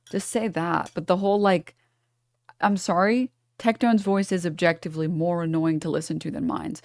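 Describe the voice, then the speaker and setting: A woman's voice: fairly low pitch, dry recording, studio quality. A woman streamer reacting to clips in casual, profane, mocking chat with her viewers.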